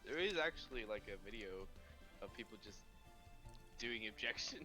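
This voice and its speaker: A man's voice: mid-range voice, expressive, normal speed, pushed and bright, soft background music, low-quality recording. A man chatting casually while playing a game together, joking and reading lines aloud. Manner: playful, reads game lines in character voices. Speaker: co-player voicing game characters. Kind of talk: casual let's-play chat.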